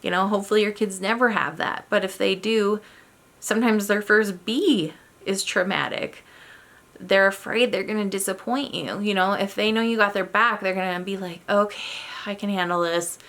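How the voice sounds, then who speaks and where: Chatty woman with a gravelly edge. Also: medium pitch, fairly even intonation, normal speed, a bit bright. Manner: chatty, acts out quoted voices, frequent "right?" and "like". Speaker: parenting workshop presenter. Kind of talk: informal parenting talk.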